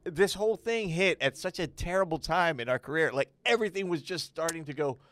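Male podcast co-host, slightly high voice, fast quips, loose chat. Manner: wisecracking, deadpan asides.

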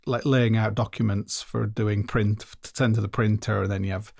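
A man's voice: on the low side, fairly even intonation, normal speed, vocal fry, darkish tone, no echo, clean studio sound. A middle-aged man hosting a podcast, rambling and joking in casual solo talk, often stopping and restarting his sentences. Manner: rambling, self-interrupting, joking. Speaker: podcast host.

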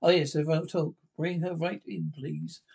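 A man with a gravelly voice speaking fussy, flustered dialogue in a 1970s period film comedy. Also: on the high side, fairly even intonation, unhurried, a little mellow.

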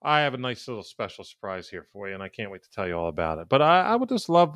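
A man's voice: fairly low pitch, very animated, quick pace, few pauses, a bit bright, no room sound. Joking, profane podcast co-host guy. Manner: loose, profane, joking banter. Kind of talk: casual sports betting podcast chat.

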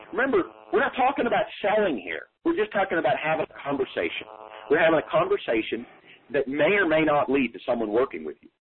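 A man's voice: mid-range voice, husky. A man hosting a business podcast, teaching in a casual monologue and acting out both sides of client calls. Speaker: podcast host, business coach. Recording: phone-like narrow sound.

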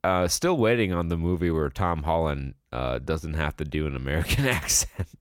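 A man's voice: rumbling low, normal speed, no echo, studio quality. A man co-hosting a podcast in casual chat, rambling and sarcastic, swearing freely. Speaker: podcast co-host.

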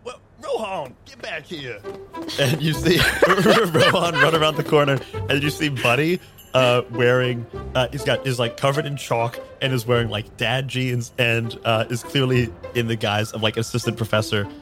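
A man's voice: medium pitch, steady tone, normal speed, over music. Hesitant man narrating a tabletop character. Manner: hesitant, filler-laden narration. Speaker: player. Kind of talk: narrating his character's actions in a tabletop game.

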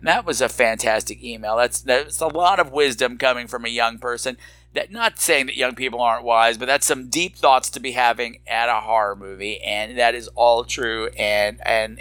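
A man's voice: mid-range voice, bright, forceful tone, dry recording. A middle-aged man hosting a horror podcast, campy and theatrical with self-mocking asides. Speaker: podcast host. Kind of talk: horror podcast listener feedback and sign-off.

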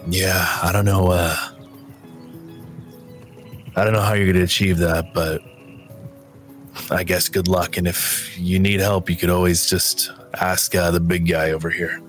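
A man doing a low, grumbling adventurer. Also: flat delivery, measured pace, long pauses, fairly bright tone, faint music behind. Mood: dismissive. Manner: dismissive, mumbling. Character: disdainful male adventurer, grumbling.

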